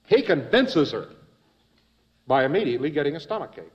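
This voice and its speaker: A man giving a talk to an audience in a folksy, emphatic way that builds to forceful stretches. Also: a little high, very animated, a little fast. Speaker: lecturer. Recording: dull lo-fi recording.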